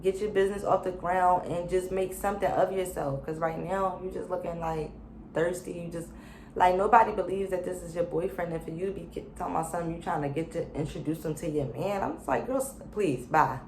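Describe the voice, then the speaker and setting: A woman's voice: lowish voice, steady tone, quick pace, creaky, a little mellow, roomy sound, a little hiss or hum. A woman casually recapping a reality show, chatty and opinionated, with lots of fillers and slang.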